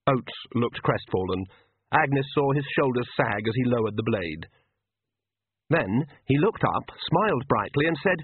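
A man narrating an audiobook in an expressive, measured way. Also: medium pitch, breathy edge, dry recording. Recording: tinny phone-like, dry audio.

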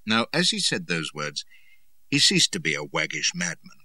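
A man narrating a first-person adventure story, expressive and dramatic. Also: low-pitched, moderate pace, no room sound. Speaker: audiobook narrator.

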